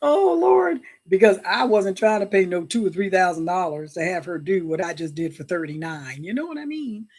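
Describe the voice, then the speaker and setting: Woman, livestream host, animated and chatty, greets chat by name, devout asides. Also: fairly low pitch, a little fast, hardly any pauses. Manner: often invokes God and Jesus.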